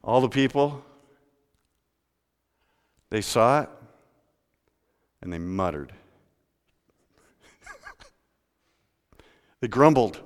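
A man pastor preaching a sermon in a church, telling the story with lively rhetorical questions. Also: medium pitch, drawn-out words, long pauses, big-room sound.

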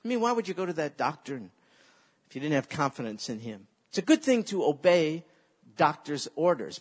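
A male preacher with a husky, somewhat high voice delivers a sermon. He presses his points emphatically and has the congregation repeat lines after him in call and response. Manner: leads the audience in call-and-response repetition.

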